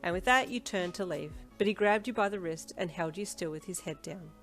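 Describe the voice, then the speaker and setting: A woman narrating a fan fiction story in an expressive second-person reading. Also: lowish voice, brisk, faint music behind. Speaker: audiobook narrator.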